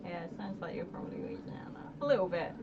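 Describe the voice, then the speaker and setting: A woman's voice: on the low side, expressive, fairly quick. Chatty laughing girl guest, far from the mic, lots of hiss. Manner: playful, laughing, jokey. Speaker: guest gamer. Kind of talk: casual chat while playing a game. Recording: distant muffled mic with noise.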